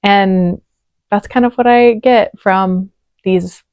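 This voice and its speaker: A woman's voice: mid-range voice, steady tone, takes it slowly, darkish tone, clear, resonant tone, no echo, lo-fi sound. A woman hosting a reaction video, talking casually and emotionally with lots of "like" fillers, close to the mic. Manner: chatty, gushing, many "like" fillers. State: emotional, choked up.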